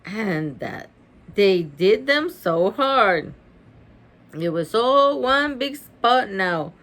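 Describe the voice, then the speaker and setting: A woman reading a picture book aloud with animated, chatty asides, gasping and laughing as she goes. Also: a little high, very slow. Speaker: reader.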